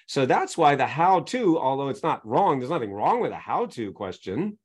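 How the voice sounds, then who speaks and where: Lively, animated man coaching by example. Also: mid-range voice, moderate pace, husky. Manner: teaches through examples, keeps checking in with "right?". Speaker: guest coach and author. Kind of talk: animated podcast explanation.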